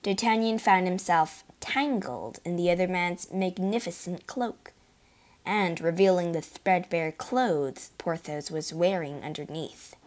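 A woman narrating an adventure storybook. Her reading is clear and steady, and her voice sits a little low for a woman. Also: measured pace.

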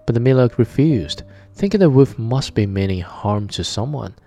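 A man with a low, mellow voice reads a fairy tale aloud in a measured, expressive way. His tone is dark and relaxed. Soft music plays faintly under his narration. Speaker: storyteller.

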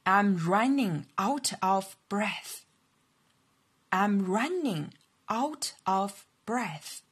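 A woman with a Mandarin Chinese accent teaching an English lesson, saying each model sentence slowly and repeating it for learners. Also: medium pitch, lively intonation, breathy edge. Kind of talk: language lesson narration.

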